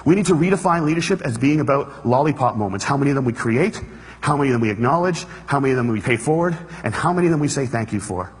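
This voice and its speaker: Man, motivational speech, quick delivery, husky voice, long hall echo. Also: medium pitch, animated. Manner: storytelling, earnest, quick, plays the room for laughs. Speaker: speaker. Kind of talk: motivational stage talk. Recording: hall reverb.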